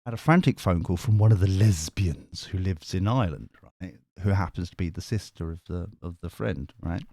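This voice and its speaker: A man's voice: low-pitched, brisk, mellow, no echo, clean studio sound. A middle-aged man telling a rambling story on a live stream, full of restarts and casual swearing. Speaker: tarot reader and live streamer.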